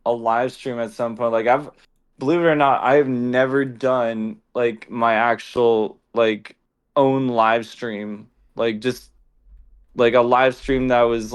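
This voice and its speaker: Smooth-voiced young man chatting casually. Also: mid-range voice. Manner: rambling, laughs often, many fillers. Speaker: podcast co-host. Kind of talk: casual chat.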